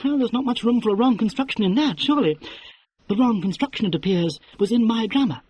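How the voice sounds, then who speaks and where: A man's voice: high-pitched, expressive, quick pace, darkish tone, breathy edge, no room sound, voice pushed up. A man voicing a sarcastic young woman novelist in an audiobook, keeping her tone light, airy and mock-polite. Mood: airy sarcasm. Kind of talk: audiobook character voice.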